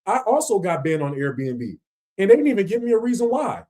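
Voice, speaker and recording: A man hosting a livestream, reacting to videos in slangy, animated casual talk that slides into rants. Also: sits high, a little fast.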